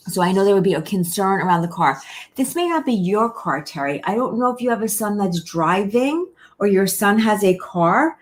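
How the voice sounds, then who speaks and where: Woman medium for live reading, slightly low voice, gentle and repetitive, talks straight to viewers. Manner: repeats phrases, addresses viewers by name, gentle reassurance. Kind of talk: live online reading, casual and direct.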